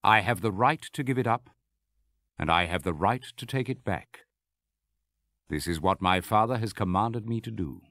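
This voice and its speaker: Low-voiced guy reading jesus, calm teacher, measured, dry close mic. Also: dry recording. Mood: steady. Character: Jesus, a calm adult male teacher speaking with authority. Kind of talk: scripture reading.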